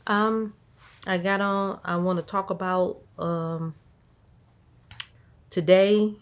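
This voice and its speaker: A woman's voice: medium pitch, fairly even intonation, takes it slowly, smooth. A woman casually telling a story from her caregiving job, quoting herself and a patient back and forth, with an encouraging, faith-tinged way of talking. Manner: encouraging, faith-infused talk. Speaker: caregiver sharing a workday story.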